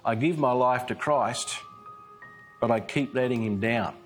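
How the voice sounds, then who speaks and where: A man giving a scripted devotional presentation, telling it in an earnest, measured storytelling manner. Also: medium pitch, soft background music. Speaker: Christian speaker.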